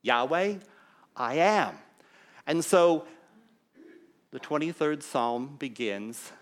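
A man preaching a sermon as pastor, explaining scripture in an emphatic teaching manner with deliberate pauses. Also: a little high, animated.

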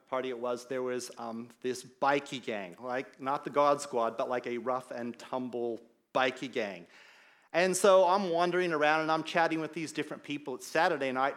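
Male pastor, middle-aged, lively storytelling sermon, mid-pitched voice. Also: moderate pace. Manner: animated storyteller, acts out quoted voices. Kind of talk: sermon with personal anecdote.

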